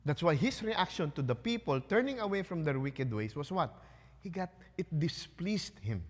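A man with a Filipino accent preaching a sermon, questioning his congregation with quick Tagalog asides. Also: fairly high pitch, big pitch swings, in a large hall. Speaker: pastor.

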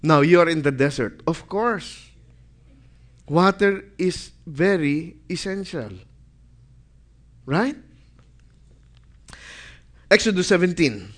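A man's voice: sits high, sing-song, measured pace, long pauses. A man preaching a sermon, reading scripture aloud and putting questions to the congregation that he answers himself. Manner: reads scripture aloud with rising emphasis.

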